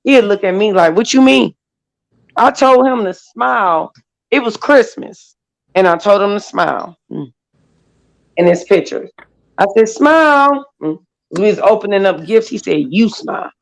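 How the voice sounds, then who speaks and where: Brief: woman in her 40s, panel chat, lively storyteller who acts out quotes. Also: medium pitch, normal speed, creaky, rough recording. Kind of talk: casual group chat.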